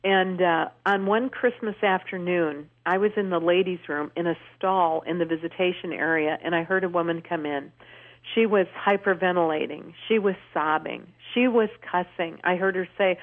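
An older woman, the guest on a phone-in radio interview, tells stories earnestly in a lowish voice at normal speed. She's warmly emphatic, and her voice comes through a telephone on a tinny line.

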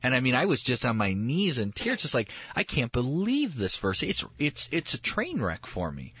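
A man's voice: medium pitch, moderate pace, breathy edge, dry recording, muffled recording. A man in his thirties, a pastor, talking earnestly on a radio show and acting out quotes as he tells his stories. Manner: earnest, animated storytelling with acted-out quotes. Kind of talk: radio talk show guest.

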